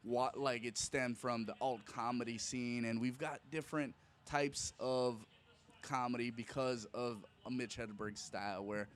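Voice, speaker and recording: A male stand-up comedian, a podcast guest, talking in a casual, earnest and excitable way, often repeating words as he starts a sentence. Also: medium pitch, measured pace. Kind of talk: casual chat.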